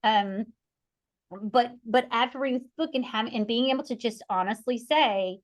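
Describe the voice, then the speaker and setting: A woman in her forties hosts a conversational podcast. She tells stories expressively, slipping into quoted voices of her family and herself. Her delivery is rambling and animated, with restarts and bursts of laughter along the way. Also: a little high, normal speed. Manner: animated storyteller who acts out quoted voices. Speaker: podcast host.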